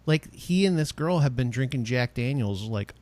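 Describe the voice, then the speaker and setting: A man co-hosting a podcast, his pitch swinging widely as he jokes and teases. He laughs easily. The sound is close and dry, with no room echo. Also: expressive, darkish tone. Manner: playful, quick to laugh. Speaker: podcast co-host. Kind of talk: casual podcast banter. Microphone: studio mic.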